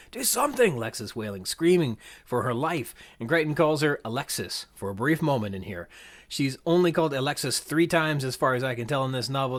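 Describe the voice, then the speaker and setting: A man hosting a podcast, reading passages from a novel aloud and commenting on its writing. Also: medium pitch. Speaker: podcast host. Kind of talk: literary analysis of a novel.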